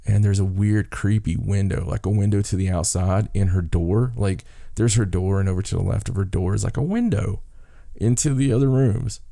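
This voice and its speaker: Low gravelly man telling stories. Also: normal speed, mellow, no room sound, studio quality. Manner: rambling, restarts and repeats words while telling stories. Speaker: podcast co-host. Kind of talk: casual chat, storytelling.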